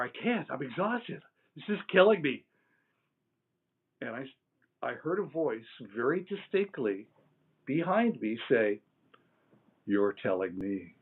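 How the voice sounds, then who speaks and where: Middle-aged man telling a story over a phone line. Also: medium pitch. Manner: animated storyteller acting out quoted dialogue. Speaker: interview guest. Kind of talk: storytelling in a live interview. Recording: tinny phone-line audio.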